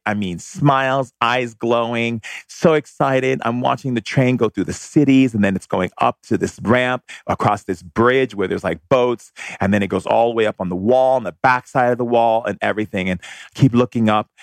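A man telling a personal childhood story as a monologue, animated and laughing as he recalls it. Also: fairly low pitch, vocal fry, no echo, clean studio sound.

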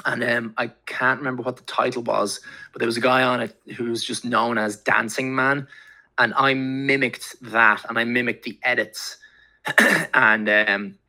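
A man's voice: medium pitch, fairly even intonation, normal speed, pushed and bright. A man speaking as a podcast guest in casual chat, rambling with lots of fillers and casual swearing.

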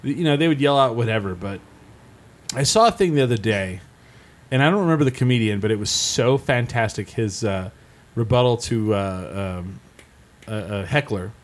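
A man's voice: lowish voice, moderate pace. A man hosting a podcast in casual chat, telling stories and acting out quotes in raised voices. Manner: animated storyteller, acts out quotes in raised voices. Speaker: podcast host.

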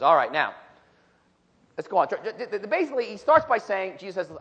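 A man's voice: high voice, sing-song, fast, fairly bright tone, dull audio. Man preaching in a reverberant hall. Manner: expository preaching with emphatic scripture reading and asides. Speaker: pastor. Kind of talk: sermon. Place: church sanctuary.

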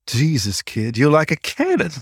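A man's voice: fairly high pitch, huge pitch swings, moderate pace, slightly rough, dry recording, studio quality, pitched above the performer's own voice, full character voice. A man voicing a playful older male rabbit teacher who talks in an easygoing, folksy, teasing way.

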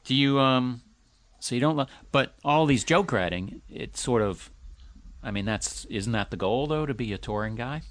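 A man hosting a podcast in casual chat, wry and teasing, with sudden jumps in loudness. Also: mid-range voice, expressive, moderate pace, no echo. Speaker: podcast host.

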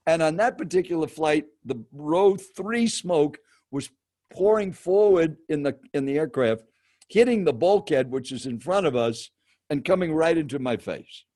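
An older man in his seventies, a seasoned professional speaker, telling a story. His voice sits slightly high, and he uses dramatic pauses and speaks straight to the host. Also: expressive, a little mellow, dry recording, clean studio sound. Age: 70s. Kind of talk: animated storytelling.

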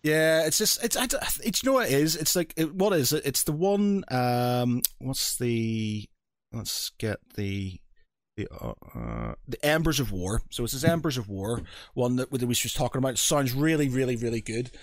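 A man's voice: medium pitch, sing-song, normal speed, dry recording. Rambling man, dry close mic. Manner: rambling, hesitant, many fillers and restarts. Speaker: podcast host. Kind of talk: casual podcast chat.

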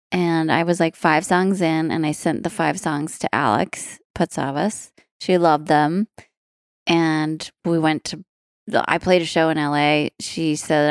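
Lively woman telling a story, laughing. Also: deep voice, a little slow, dry recording, clean studio sound. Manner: animated, laughing, acts out dialogue. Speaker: guest musician. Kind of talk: casual storytelling interview.

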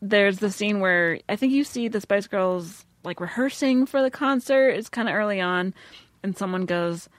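A woman guesting on a podcast in casual chat, relaxed and chatty. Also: medium pitch, moderate pace, dry recording. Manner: relaxed, chatty, sharing favorite lines.

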